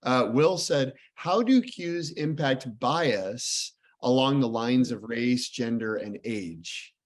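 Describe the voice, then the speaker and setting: A man's voice: mid-range voice, lively intonation, slow. A man hosting a live webinar, friendly, reading out audience questions for the guest. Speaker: host.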